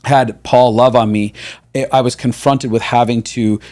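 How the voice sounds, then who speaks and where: A man hosting a podcast, talking earnestly in a reflective conversation and often restarting his sentences. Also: mid-range voice. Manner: earnest, halting restarts, animated when retelling others. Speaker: podcast host.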